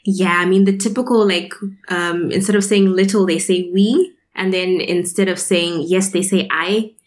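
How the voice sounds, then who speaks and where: A woman recounting experiences in casual conversation, animated, acting out quoted lines and laughing often. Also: fairly low pitch, moderate pace. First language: grew up speaking English in a former British colony. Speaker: interview guest.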